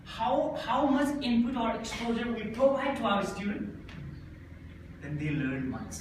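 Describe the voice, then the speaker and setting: A man's voice: extremely high pitch, lively intonation, a little slow, a little hiss or hum. A man with a Nepali accent giving a classroom lecture to teachers, explaining patiently and often checking understanding with "okay?" and "right?". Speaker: teacher trainer. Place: school classroom. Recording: echoey room, voice from far off.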